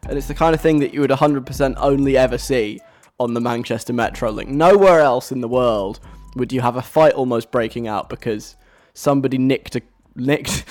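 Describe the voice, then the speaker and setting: A radio host in casual, animated chat, telling a story and acting out the voices of people overheard. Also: mid-range voice. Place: radio studio.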